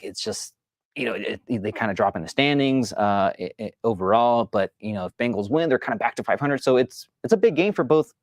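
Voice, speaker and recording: A man's voice: mid-range voice, no room sound, clean studio sound. A man hosting a sports show, chatting casually about games with lots of restarts and fillers. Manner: rambling, many restarts and fillers.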